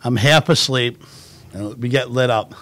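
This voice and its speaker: A middle-aged man hosting a livestream, telling stories in an animated, laughing way. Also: medium pitch, measured pace. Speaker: show host. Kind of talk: casual storytelling on a livestream.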